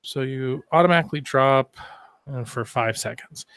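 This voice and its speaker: A man's voice: mid-range voice, moderate pace, a bit bright, clean tone, no echo, studio quality. A man co-hosting a casual gaming podcast, jokey and rambling, with playful asides. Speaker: podcast co-host.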